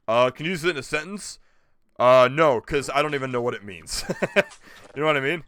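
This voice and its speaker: A man's voice: fairly high pitch, expressive, fairly quick, sharp tone, clean tone, no echo. A man streaming a video game, rambling and joking with his chat as he plays. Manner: rambling, jokey, talks to chat. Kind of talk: casual gameplay commentary.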